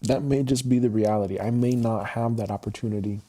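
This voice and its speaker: A man with a low, husky, mellow voice speaks on a livestream. He talks in halting, repeated phrases and often restarts mid-thought. His delivery is raw and emotional. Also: fairly even intonation. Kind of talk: unscripted emotional livestream monologue.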